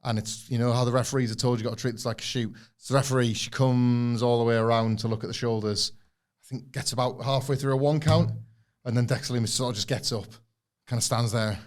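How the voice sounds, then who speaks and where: A young man co-hosting a casual wrestling review podcast. He talks in an animated way and acts out wrestlers' lines in put-on voices. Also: medium pitch, fast. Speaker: podcast co-host.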